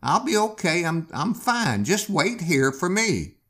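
A man voicing a calm pioneer husband who gently reassures his wife. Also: high voice, measured pace, voice pushed up, exaggerated voice. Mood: reassuring.

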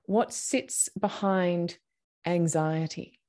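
A woman's voice: lowish voice, drawn-out words, darkish tone. A woman hosting an interview show, upbeat and affirming as she guides the talk. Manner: upbeat, affirming, with frequent brief agreements. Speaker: podcast host and trauma coach. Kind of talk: friendly interview chat.

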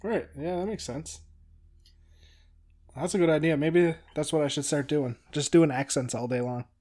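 Easygoing higher-voiced podcast man. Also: moderate pace, darkish tone. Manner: easygoing, laughs often, hedging. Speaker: podcast co-host. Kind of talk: casual podcast chat.

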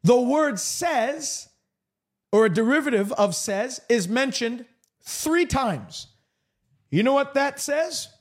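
A male preacher with a strikingly high voice delivering a broadcast sermon. He drags his phrases out slowly and makes his pitch swing widely as he drives each point home. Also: expressive. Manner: emphatic, repetitive preaching cadence with stretched-out phrases.

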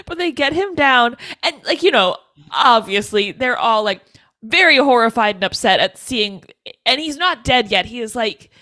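Playful woman co-host, fairly high voice, casual plot recap, dry close mic. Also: lively intonation, moderate pace, sharp tone, no echo. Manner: playful and laughs easily, walks through plot beats. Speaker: podcast co-host. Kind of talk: casual chat recapping a horror film.

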